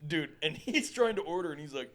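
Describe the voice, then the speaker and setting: A man's voice: a little high, brisk. A young adult man telling a story in a casual podcast chat. He swears often and acts out what people said. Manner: lively, swearing, acts out quotes. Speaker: podcast co-host.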